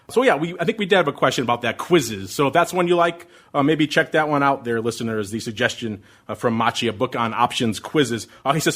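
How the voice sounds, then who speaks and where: Middle-aged male host, a touch high-pitched, excitable and quick to ramp up while answering listener mail. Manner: excitable, fast, ramped-up delivery. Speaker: podcast host. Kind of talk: listener mail Q&A on options trading.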